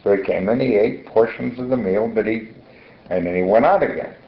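Gravelly older man, halting speech. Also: on the low side, a little hiss or hum. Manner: halting, repeats words, trails off. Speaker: interviewee. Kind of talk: recorded interview at home. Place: front room of his home. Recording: muffled, echoey room recording.

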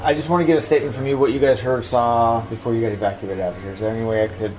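A man's voice: medium pitch, steady tone, racing, darkish tone, poor audio. A man working as a police officer, politely questioning a witness with hesitant fillers. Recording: noticeable background noise.

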